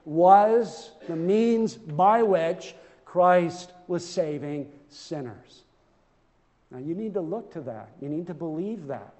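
A high-pitched man preaches an earnest, emphatic sermon, stumbling over repeated words as he presses each point. His voice rings through a church sanctuary with a long trailing reverb. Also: expressive, slow pace, warm tone. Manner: earnest, emphatic, with frequent stammered restarts.

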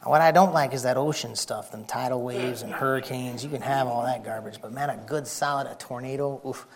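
A man preaching a folksy, excitable sermon, shouting and whispering for effect. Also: mid-range voice, fairly quick, a crowd in the background.

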